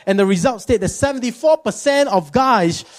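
A male pastor preaching a sermon, animated and emphatic, often repeating words for effect. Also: normal speed. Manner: animated, emphatic, jumps into high mimicking.

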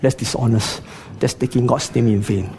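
A man's voice: mid-range voice, fairly even intonation, normal speed, a little mellow, slight background noise. A man preaching a sermon, speaking to the congregation with frequent rhetorical questions and "you know" asides.

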